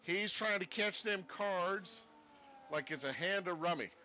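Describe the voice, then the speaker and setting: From a desk streaming setup with screens, a man calls a live sim race in a put-on Southern US accent, rambling and folksy with jokey asides. His voice sits high and a little slow with a sharp tone. The sound is lo-fi, with a little hiss or hum.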